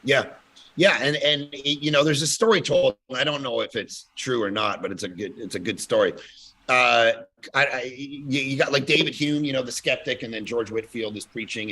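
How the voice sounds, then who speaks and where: A man, a pastor, telling lively stories in a casual conference talk, with loud bursts of emphasis and frequent laughter. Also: medium pitch, slightly rough. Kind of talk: casual storytelling at a conference panel.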